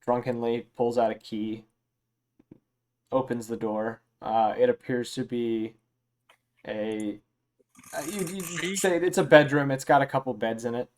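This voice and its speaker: Man, game master, relaxed narration, filler words, medium pitch. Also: a little slow, long pauses.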